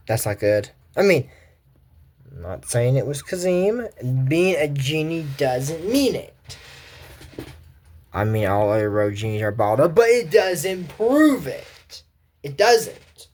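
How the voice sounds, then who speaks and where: A man casually recapping a cartoon episode, rambling and often pausing with fillers and restarts. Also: a little high, sing-song, darkish tone. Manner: rambling, full of fillers and self-corrections. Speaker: cartoon commentary host.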